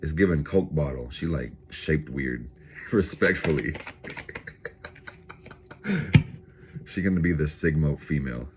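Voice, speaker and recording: A man's voice: rumbling low, normal speed, a little hiss or hum. A man casually reading tarot cards on his vlog, swearing freely and laughing often. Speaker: tarot reader vlogger.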